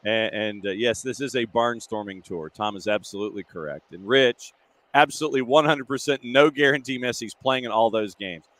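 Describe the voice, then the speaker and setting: A man hosting a podcast who chats casually, reads out listener comments, and rattles off dates and lists at a brisk clip. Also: medium pitch, fairly bright tone. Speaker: podcast host. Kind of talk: casual chat and news rundown.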